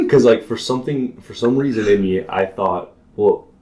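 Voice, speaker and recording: A young man chats as a podcast guest, telling a long story with animated energy and plenty of filler words. His voice sits a bit low, and he laughs often as he talks. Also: moderate pace. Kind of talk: casual storytelling chat.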